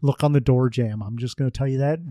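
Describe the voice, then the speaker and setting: A man co-hosting a podcast, joking around with easygoing asides. His voice sits at an ordinary middle pitch, and the close mic sound is dry. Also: fast talker, mellow, dry recording. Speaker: podcast co-host. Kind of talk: casual podcast chat.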